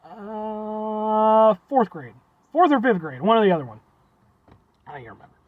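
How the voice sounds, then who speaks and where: Faint music plays behind a young man with a high voice who reviews food at a moderate pace. His vlog chat is rambling and folksy, full of "folks," playful overstatement and jokes at his own expense, captured in a dull, dry, lo-fi recording.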